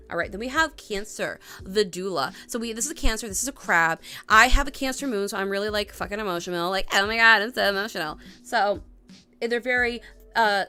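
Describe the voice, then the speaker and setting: A woman's voice: medium pitch, brisk, bright, forceful tone, clear, resonant tone, faint music behind. A young woman hosting a casual tarot and astrology livestream, rambling and chatty with lots of fillers and restarts. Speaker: tarot reader.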